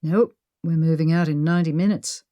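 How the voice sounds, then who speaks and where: A wry male adventurer with a dry, teasing way of talking, read by a woman narrator. The voice sits fairly low for a woman and keeps the steady pace of an audiobook reading. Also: fairly quick, dry recording, dull audio, lightly acted.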